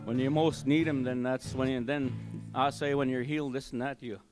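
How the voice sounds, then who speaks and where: An older man gives his personal testimony at a church service, telling it in a halting, heartfelt way with many fillers and restarts. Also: mid-range voice, steady tone, music in the background. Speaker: church member giving testimony. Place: community hall church service.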